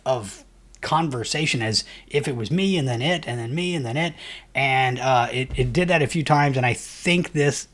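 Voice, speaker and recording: A man walks through a software setup in a loose, rambling way, full of fillers and restarts. Keyboard typing clicks along behind his voice as he works. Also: medium pitch. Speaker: software tutorial host. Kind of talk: screen-recorded software tutorial.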